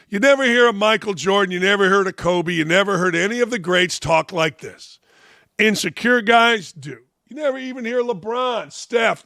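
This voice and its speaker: Sixties male host, gravelly and bright, blunt and profane, dry close sound. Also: high-pitched, no room sound. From Northwest Indiana. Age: 60s. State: slightly under the weather. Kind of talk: opinionated sports commentary.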